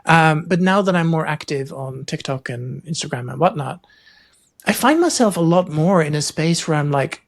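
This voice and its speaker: A man hosting a podcast interview, chatting casually and thinking aloud with animated quoted asides. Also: on the high side, moderate pace, gravelly. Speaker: podcast host.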